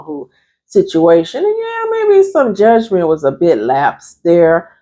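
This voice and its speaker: Speaking in a low, mellow voice, this therapist and life coach delivers a motivational vlog talk directly to the camera. Her manner is chatty and emphatic, and she addresses viewers as "you all."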